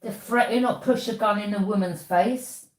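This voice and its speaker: A woman's voice: mid-range voice, moderate pace, roomy sound. A woman tarot reader, delivering an accusing monologue to camera and throwing out "yeah?" as a challenge.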